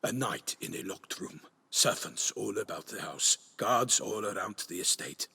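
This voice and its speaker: A proud gallant game knight. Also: male voice, on the low side, unhurried, vocal fry, breathy edge, full character voice. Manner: declamatory, archaic, lively. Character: proud gallant knight man, eager and earnest.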